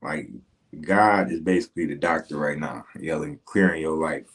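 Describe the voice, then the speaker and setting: A man's voice: very deep voice, moderate pace, fairly bright tone. A man appearing as a podcast guest, speaking casually and hesitantly with many fillers. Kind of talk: casual interview talk.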